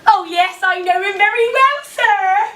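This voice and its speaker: A squeaky eager sailor. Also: female voice, measured pace, very noisy. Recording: echoey stage, far from the mic.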